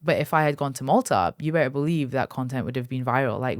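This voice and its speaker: A woman's voice: extremely low pitch, fast, no room sound, studio quality. A woman, guest on a podcast, telling personal stories candidly and acting out the voices of others. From Kurdistan, north of Iraq. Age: 30s. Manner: candid, emotional storytelling with acted-out quotes. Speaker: guest, aesthetics doctor. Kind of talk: podcast interview.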